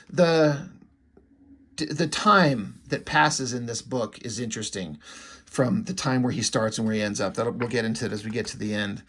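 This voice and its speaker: A man's voice: medium pitch, normal speed. Rambling, irreverent man reviewing comics. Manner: rambling and irreverent, swears casually, acts out characters' lines. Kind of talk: casual spoken comic review.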